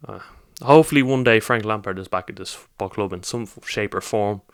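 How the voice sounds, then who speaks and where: A man talks straight to camera in an emotional reaction vlog, upset and rambling with heartfelt repeats. His voice sits a little low and sounds smooth and resonant. The recording is close and dry. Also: a little fast, no echo. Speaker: football vlogger.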